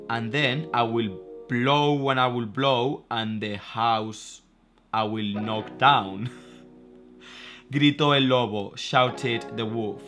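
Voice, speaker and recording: A man's voice: medium pitch, fairly bright tone, soft background music. A native Spanish-speaking man with a Spanish accent, teaching vocabulary through a children's story, patient and often laughing. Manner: patient, repeats phrases slowly, laughs often. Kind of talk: reading a story aloud and explaining vocabulary.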